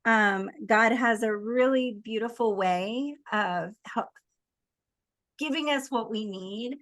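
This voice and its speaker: A middle-aged woman coach as a podcast guest, speaking reflectively with halting pauses. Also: on the high side, dry recording. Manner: warm agreeing, then reflective and halting. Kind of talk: casual interview chat.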